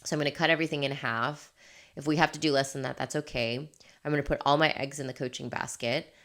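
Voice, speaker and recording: A woman with a notably low voice speaks as a life coach in a candid motivational monologue. She is emphatic and laughs often. She swears without a second thought. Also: a bit bright.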